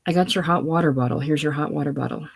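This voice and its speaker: A reader voicing a frightened, breathless former showgirl in a casual play reading, raised and pleading with a husky tone. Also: mid-range voice, fast. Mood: anxious.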